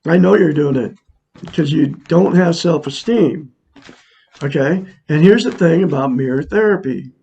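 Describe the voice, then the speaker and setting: Earnest older man, gravelly husky voice. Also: a little high, normal speed, dark tone, muffled recording. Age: 60s. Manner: earnest, repetitive, preachy. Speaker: self-help vlogger. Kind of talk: casual monologue to viewers. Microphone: camera mic, looking into a mirror.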